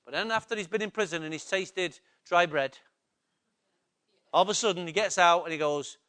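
Male preacher, high voice, emphatic sermon delivery, repeats lines, quizzes the congregation. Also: normal speed, pushed and bright. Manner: emphatic, repetitive, asks the congregation questions. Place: church.

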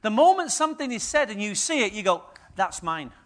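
A middle-aged man preaching a sermon as pastor, telling stories lively and swinging from hushed asides to loud bursts. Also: extremely high pitch, fast talker.

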